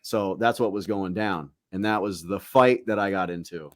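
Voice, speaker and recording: Man telling a profane, lively story. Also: deep voice, normal speed, no room sound, clean studio sound. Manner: profane, animated anecdote-telling with acted-out quotes. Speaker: podcast co-host. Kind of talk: casual storytelling chat.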